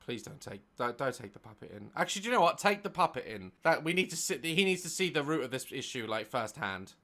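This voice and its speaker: A woman reacting to a clip with sarcastic, joking commentary. Her voice is bright and lively, rising and falling a lot as she riffs in disbelief. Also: a bass voice, fast talker. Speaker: reaction video host.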